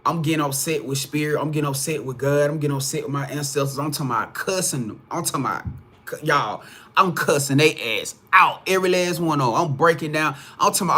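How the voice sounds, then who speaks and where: A man holds forth as a spiritual reader on a live stream. His voice sits a little higher than most men's, and he swears freely while calling the viewers y'all in a loose, preachy way. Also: pushed and bright. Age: adult parent. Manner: profane, blunt, preachy, addresses viewers as y'all. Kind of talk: casual spiritual talk to a live audience.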